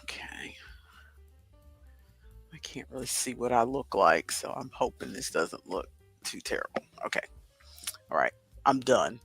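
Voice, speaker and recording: A man's voice: medium pitch, lively intonation, measured pace, vocal fry, long pauses, fairly bright tone, in a whisper, soft background music. A man in his fifties hosting a casual livestream, chatting to viewers and thinking aloud as he works through a crossword. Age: 50s. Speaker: livestream host. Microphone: headset with headphones.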